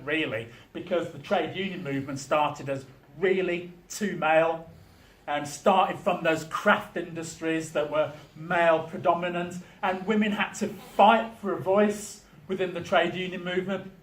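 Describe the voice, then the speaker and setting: Man telling stories in an echoey room. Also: fairly high pitch. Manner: conversational storytelling with dry humour. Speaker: union official, guest speaker. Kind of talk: speech at a meeting. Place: meeting room.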